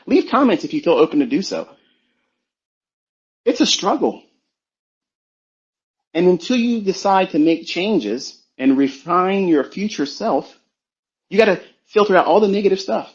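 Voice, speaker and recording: Preachy, profane man, fairly high voice. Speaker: trading mentor. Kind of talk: motivational rant. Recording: dull lo-fi sound.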